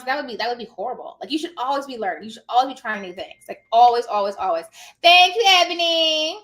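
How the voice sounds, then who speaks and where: A woman's voice: a little high, animated, fast talker, a bit bright. A woman in her thirties hosting a live stream, giving emphatic motivational advice straight to her viewers in a casual way. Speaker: live-stream host and notary coach.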